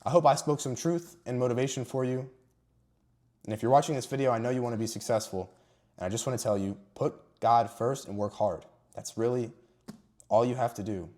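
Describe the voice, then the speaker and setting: An earnest young man talks straight to camera in a motivational vlog about faith. His voice sits at an ordinary middle pitch. He hammers key words with preachy emphasis and sometimes sounds close to emotional. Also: fairly quick, warm tone. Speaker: Christian motivational vlogger.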